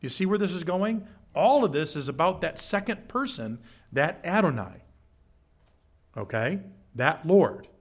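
A man preaching in a church, teaching from scripture with emphatic, animated delivery and frequent check-ins with the congregation. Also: a little high, a little slow. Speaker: pastor. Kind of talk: sermon. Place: church sanctuary.

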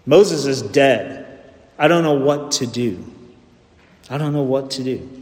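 A man preaching a sermon at a mid-range pitch, stopping again and again to put questions to his congregation. His voice rings through a big echoey hall, and each phrase trails off in a long reverb. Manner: asks the congregation rhetorical questions.

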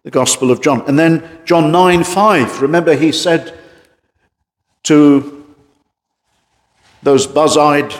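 A man preaching an evening sermon as pastor, emphatic, with drops into a quiet voice. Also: a little high. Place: church. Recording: church hall reverb.

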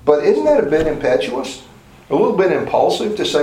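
A man's voice: on the high side, very animated, a little fast, warm tone. Man teaching a Bible lesson in an echoey room. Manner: conversational, asks rhetorical questions, restarts often. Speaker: preacher. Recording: roomy echoey hall.

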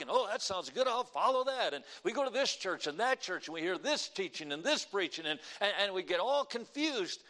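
High-voiced emphatic male preacher. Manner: emphatic, swings between loud and soft, quotes scripture. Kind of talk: sermon.

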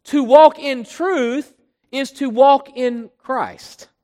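A preacher giving an expository sermon, pressing hard on key words and then dropping low and quiet, often repeating phrases while building a point. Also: extremely slow. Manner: emphatic, swinging between loud stresses and quiet drops. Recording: long hall reverb.

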